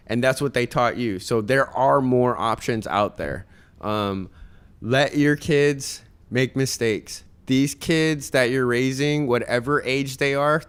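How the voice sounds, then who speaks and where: A man speaks with a smooth, resonant voice at an ordinary middle pitch. He talks as a podcast guest, sharing parenting advice. His manner is earnest and motivational, and he speaks straight to the listeners. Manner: tells stories and acts out other people's voices. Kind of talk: casual podcast chat.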